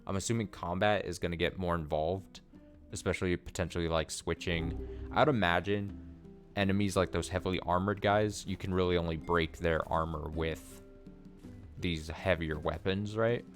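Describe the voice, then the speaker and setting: A young man streaming a video game, chatting and wondering aloud as he plays. His voice is quite low, and faint game music sits underneath. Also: fairly even intonation, moderate pace. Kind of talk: casual gameplay commentary, reading text aloud.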